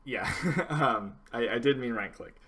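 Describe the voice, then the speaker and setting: A man's voice: medium pitch, unhurried, fairly bright tone, breathy edge. A young man hosting a casual gaming podcast, rambling along with lots of ums and restarts, and he has the hiccups. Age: young adult. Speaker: podcast host.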